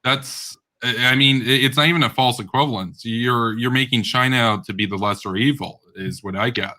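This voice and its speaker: A man's voice: medium pitch, fairly even intonation, a little fast, bright, forceful tone. A man hosting a heated online debate, combative and interrupting, often laughing scornfully. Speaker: debate host.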